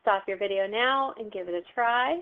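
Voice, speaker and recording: With a clear, resonant, medium-pitched voice at normal speed, a woman teacher patiently works through a recorded math lesson step by step, raising questions and answering them herself. A phone is heard behind her at home, and the recording has a tinny, phone-like quality.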